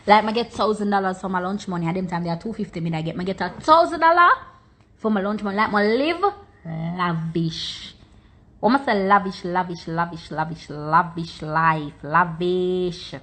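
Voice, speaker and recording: A woman's voice: fairly low pitch, moderate pace, a bit bright. A woman with a Jamaican accent, telling her own story on an Instagram live through a phone mic, stressing points by repeating words. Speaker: social media personality.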